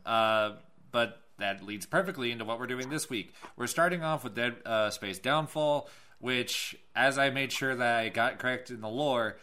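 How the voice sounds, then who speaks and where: Laid-back male podcast host. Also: medium pitch. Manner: relaxed, loose, casually profane. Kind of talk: casual podcast chat.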